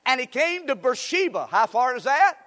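A man's voice: extremely high pitch, very animated, normal speed, a bit bright. A man preaching a sermon who reads scripture and asks rhetorical questions, repeating them and calling on the congregation to respond. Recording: long reverb in a large hall.

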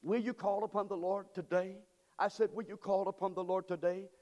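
A male pastor preaching a sermon, calling out to the congregation and swinging from hushed tones to shouts. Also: high-pitched, fairly even intonation, fairly quick, dull audio. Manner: call-and-response preaching, swings from quiet to shouting. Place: church sanctuary. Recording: long reverb from a church hall.

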